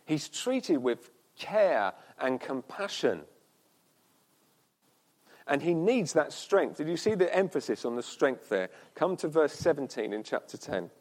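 A man's voice: a little high, sing-song, a little mellow. Earnest man preaching a sermon. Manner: earnest, pausing, with restarts and slow emphatic repeats. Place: church service.

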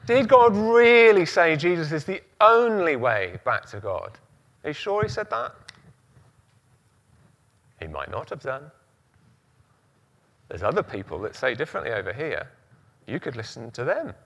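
A man voicing a sly male devil who softly coaxes doubt with insinuating questions. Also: fairly high pitch, expressive, a little slow, few pauses. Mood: sly, coaxing.

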